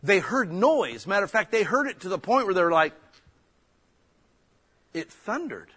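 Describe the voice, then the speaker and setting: A man, a pastor giving a folksy, conversational sermon, breaking into sudden loud bursts. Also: high voice, lively intonation, fairly quick, slightly rough.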